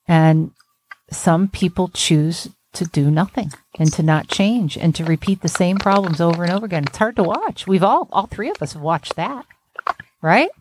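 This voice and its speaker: A woman's voice: fairly low pitch, animated, moderate pace, a little mellow, a little hiss or hum. A woman therapist hosting a podcast, talking bluntly and emphatically with salty language. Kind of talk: candid podcast conversation.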